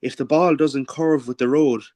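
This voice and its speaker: A man's voice: medium pitch, fairly even intonation, moderate pace, a little mellow. A man with an Irish accent, hosting a casual podcast chat, blunt and fond of swearing while telling stories. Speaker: podcast host.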